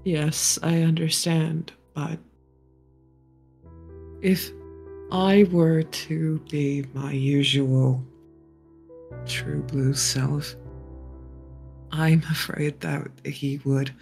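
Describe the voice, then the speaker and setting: A woman playing her character in a tabletop role-play game, speaking in a gentle, measured, earnest way. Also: sits low, fairly even intonation, gravelly. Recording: faint music behind.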